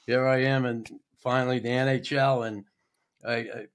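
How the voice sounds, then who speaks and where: A man with a mid-range voice hosts a relaxed podcast conversation. He asks his questions in a loose, meandering way, repeating words and using fillers before getting to the point. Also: medium pitch, moderate pace. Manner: rambling questions with fillers and restarts. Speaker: podcast host, former hockey player. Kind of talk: casual interview chat.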